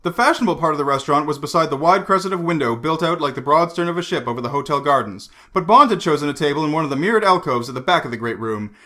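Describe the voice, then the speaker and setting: A man reading a novel aloud as a hobby audiobook narrator, in a lively, animated way. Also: a little high, racing, few pauses. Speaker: audiobook reader.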